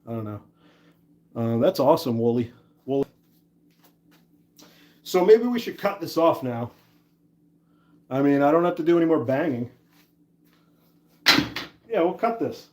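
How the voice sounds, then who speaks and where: A woodworker in his thirties hosts a livestream, working on an axe handle while he chats with viewers, laughs easily, and reads and answers the chat. His fairly high, dark-toned voice is expressive at a normal pace, with long pauses.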